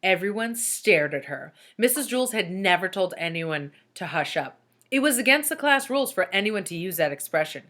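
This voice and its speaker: A woman reading a children's book aloud with lively storytelling. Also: medium pitch, normal speed. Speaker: reader.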